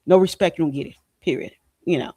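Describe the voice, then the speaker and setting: A man's voice: on the high side, quick pace, dark tone, husky, no echo. A man hosting a podcast, preaching in a casual, emphatic, repetitive way with slang and cursing. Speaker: podcast host. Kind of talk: casual spiritual monologue.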